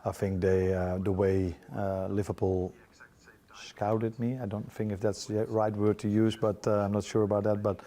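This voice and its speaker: A Dutch-accented man answers interview questions in a low, fairly flat voice. He speaks carefully and hesitates often. His English is second-language but steady. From Netherlands. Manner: measured, hesitant with many uhs. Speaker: football manager. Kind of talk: media interview.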